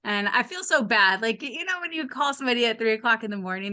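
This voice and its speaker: A woman's voice: a little high, fast. A woman in her late thirties or forties, a podcast guest telling a frank, funny personal story and acting out the voices of the people in it. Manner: animated, acts out the voices of others in her story; candid and frank, with a wry humor. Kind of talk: casual storytelling.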